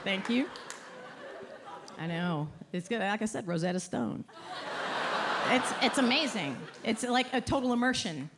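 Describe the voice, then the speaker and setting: A middle-aged woman performing a stand-up set, wry and self-deprecating, rambling and then bursting out loudly. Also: a little high, expressive, unhurried, pauses often. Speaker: stand-up comedian. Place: comedy club stage with live audience. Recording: live club recording with crowd noise. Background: audience laughter and cheering.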